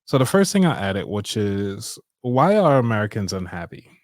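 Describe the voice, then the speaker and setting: A man's voice: on the low side, sing-song, moderate pace, no echo, clean studio sound. A man hosting a live show, talking casually and upbeat, breaking into laughter often. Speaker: show host. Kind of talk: casual live-stream talk.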